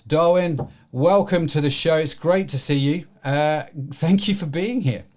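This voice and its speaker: A man's voice: a little high, measured pace, darkish tone. A man hosting an e-commerce podcast, who talks in a chatty, rambling way full of fillers and restarts. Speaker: podcast host. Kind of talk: podcast interview.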